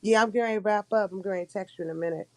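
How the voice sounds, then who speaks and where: A woman's voice: mid-range voice, rapid-fire, darkish tone, dry recording. A woman hosting a casual livestream chat, talking in a loose, rambling way with many restarts. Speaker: livestream host.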